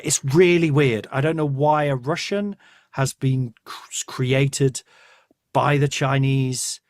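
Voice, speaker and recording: Male host, casual comic chat, animated rambling teller, dry studio sound. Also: medium pitch, takes it slowly, no room sound. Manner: rambling, animated storytelling with asides. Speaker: podcast host.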